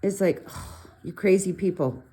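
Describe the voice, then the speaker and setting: A middle-aged woman casually talking through a colored pencil demo, chatty and rambling with animated asides. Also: medium pitch, unhurried. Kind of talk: casual art tutorial talk.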